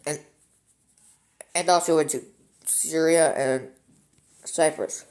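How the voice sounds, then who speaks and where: A man's voice: fairly high pitch, steady tone, takes it slowly, a little mellow. A male gamer at home giving casual commentary on a strategy map game, rambling and easily sidetracked, with lots of "like.". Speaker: gaming commentator.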